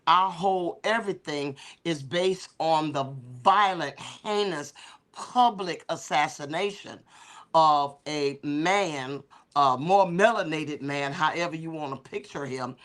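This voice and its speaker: A middle-aged woman who is a bishop and co-host, telling stories in a talk show discussion in an animated, preacherly way with many fillers. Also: deep voice.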